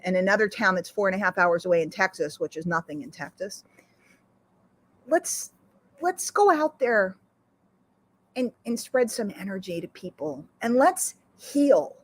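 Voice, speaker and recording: A woman's voice: on the low side, slightly rough. A middle-aged woman hosting an online community, giving an emotional, earnest motivational talk that rallies her listeners. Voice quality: recovering lungs after illness. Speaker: community host.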